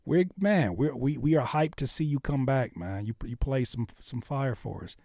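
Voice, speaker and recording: A man's voice: medium pitch, moderate pace, vocal fry, a little mellow, dry recording, studio quality. A man hosting a live music reaction stream, bantering and teasing his chat viewers. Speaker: livestream host reacting to music.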